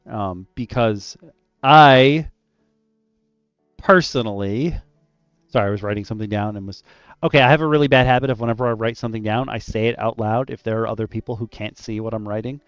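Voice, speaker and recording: A man chatting casually about running tabletop adventures, animated and loose, with lots of "like" in his talk. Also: fairly low pitch, fairly quick, clean tone, dry recording, lo-fi sound, faint music behind. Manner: animated and loose, heavy use of "like". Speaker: dungeon master discussing adventure design. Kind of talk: casual roundtable chat.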